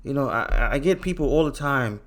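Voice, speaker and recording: A man hosting a trading channel, giving casual chart commentary to his viewers in an animated, teasing, slangy way, repeating himself for emphasis. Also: medium pitch, fairly quick.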